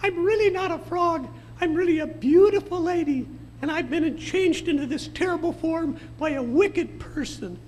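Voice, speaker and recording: An older man voicing an enchanted female frog in a high, squeaky, pleading falsetto. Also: moderate pace, a little mellow.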